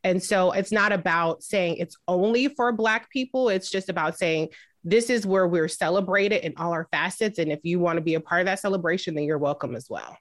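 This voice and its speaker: A woman's voice: lowish voice, a little fast, no echo. Chatty candid woman on a podcast, totally dry close sound. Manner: lively, candid, conversational. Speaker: media founder, podcast guest. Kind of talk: casual interview talk.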